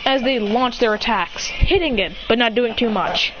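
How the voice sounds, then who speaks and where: A woman narrating an improvised fan story with excitement, acting out shouts and correcting herself, in a dull lo-fi recording with loud music behind. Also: fairly high pitch, normal speed.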